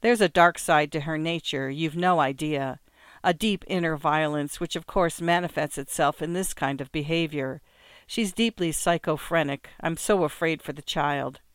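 A man playing a charming, self-pitying husband who talks smoothly and persuasively. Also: a little high, normal speed, fairly bright tone, no echo, close to an everyday voice.

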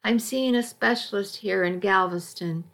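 A woman reading a soft-spoken ailing mother. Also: medium pitch, moderate pace, gravelly. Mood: subdued. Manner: soft, subdued. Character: frightened, ill middle-aged mother asking a favor.

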